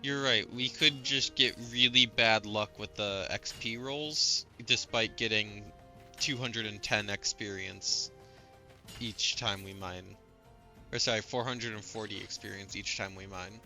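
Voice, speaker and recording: A man with a low-ish, forceful, very bright voice streams a game and talks through his plans in a fussy, explanatory way. He corrects small details and slips in puns. Faint game music plays underneath. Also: unhurried. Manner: explanatory, pedantic, punning. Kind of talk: casual gameplay commentary.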